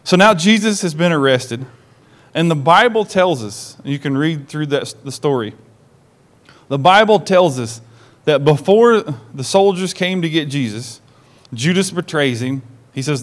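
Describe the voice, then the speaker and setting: Male pastor, a touch high-voiced, lively sermon delivery, quizzes the congregation. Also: measured pace. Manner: animated storyteller who acts out quoted lines; asks the congregation direct questions.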